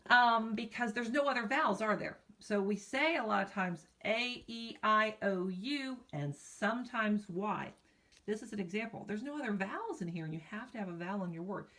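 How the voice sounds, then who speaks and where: A woman's voice: medium pitch, lively intonation, normal speed, sharp tone. A woman teaching a recorded phonics lesson to young children, upbeat and coaxing, asking the kids questions, recorded on a phone. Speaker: elementary teacher.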